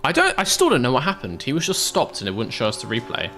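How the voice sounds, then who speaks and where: A man's voice: medium pitch, huge pitch swings, quick pace. A British man streaming a game, chatting casually with viewers, laughing often. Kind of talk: casual livestream chat.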